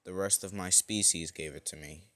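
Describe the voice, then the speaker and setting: A man's voice: low voice, fairly even intonation, moderate pace, sharp tone, dry recording. A man voicing a male alien symbiote creature who mentors a boy, in a casual, offhand fan-story voice. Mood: calm, explaining.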